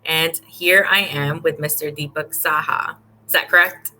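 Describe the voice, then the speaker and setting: A bright, upbeat woman hosts a relaxed interview over a video call. She laughs often and keeps the chat light, and her voice sits a little low for a woman. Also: a little slow, slight background noise, rough recording. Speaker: podcast host.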